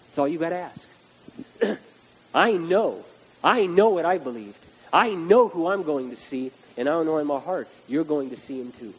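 A male preacher giving a blunt, emphatic sermon that rises to loud outbursts. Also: fairly high pitch, normal speed, slightly rough. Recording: dull recording with background hiss.

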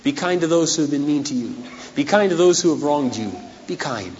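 Hoarse, dramatic pastor, slightly high voice, long reverb, muffled lo-fi sound. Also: male voice, expressive, brisk, darkish tone, a little hiss or hum. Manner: dramatic and humorous, acts out scenes. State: voice going hoarse. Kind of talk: sermon. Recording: echoey hall on dull lo-fi recording.

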